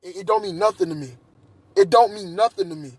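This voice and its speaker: A man's voice: high voice, fast. A man in a heated personal monologue, agitated and repeating himself. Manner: agitated, repetitive, restarts often. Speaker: vlogger.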